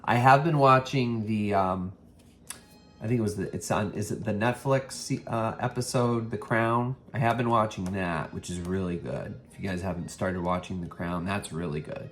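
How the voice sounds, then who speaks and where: A man's voice: on the low side, normal speed, slight background noise. A man hosting a casual thrift haul vlog, rambling with many ums and self-corrections. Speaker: vintage reseller and vlog host.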